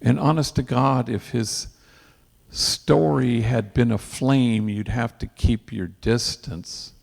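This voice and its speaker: At an event, a priest tells an earnest story in a deeply gravelly male voice full of vocal fry, taking it slowly with a slightly mellow quality. He sprinkles Spanish slang into the tale, and a long hall reverb trails every phrase.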